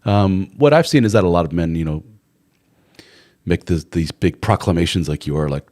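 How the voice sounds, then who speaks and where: A man's voice: deep voice, moderate pace, darkish tone. A man hosting a live relationship advice stream, talking casually and bluntly, with some swearing and playful mock voices for the people he quotes.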